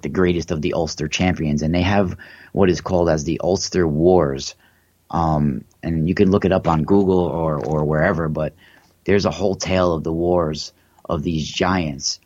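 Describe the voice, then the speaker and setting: A man's voice: low voice, darkish tone, no room sound, dull audio. A man hosting a livestream, talking in a rambling, hesitant way with many fillers and restarts. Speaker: livestream host. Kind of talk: casual livestream monologue.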